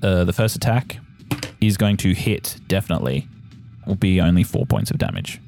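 A man narrating as the game master of a tabletop game, describing the action vividly and making quick rules calls. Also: deep voice, sing-song, gravelly, a little mellow, soft background music.

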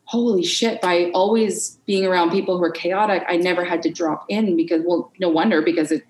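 A woman's voice: on the low side, a little fast. Candid woman in a roomy-sounding space. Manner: candid and expressive, swears freely, acts out her inner voices. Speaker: podcast guest. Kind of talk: unscripted podcast conversation.

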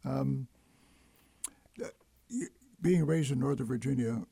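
Gravelly, husky-voiced male interview host. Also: mid-range voice, unhurried, no room sound. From Detroit. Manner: warm, encouraging questioner, thanks often. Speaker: talk show host.

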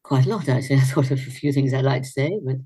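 An older actress and singer telling chatty anecdotes as an interview guest, laughing often. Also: female voice, extremely low pitch, fast talker, warm tone, breathy edge.

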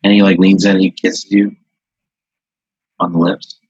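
A man's voice: sits low, flat delivery, normal speed, a little mellow, slightly rough, no echo, lo-fi sound. A man hosting a casual chat, spinning an improvised story full of quoted voices and laughter. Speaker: host.

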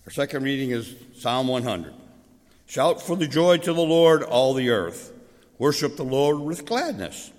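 A man's voice: medium pitch, big pitch swings, measured pace. Solemn man reading scripture in church. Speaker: scripture reader. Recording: hall reverb.

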